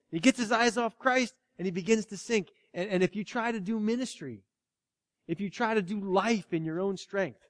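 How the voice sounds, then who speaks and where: A man preaching a sermon, animated, swinging between loud exclamations and hushed asides. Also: high voice, big-room sound. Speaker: pastor.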